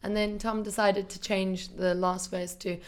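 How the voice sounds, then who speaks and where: A woman hosting a relaxed podcast conversation. She jokes and teases her guest as they talk. Her voice sits at an ordinary middle pitch. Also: measured pace. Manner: joking, teasing. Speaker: podcast host. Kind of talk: casual podcast chat.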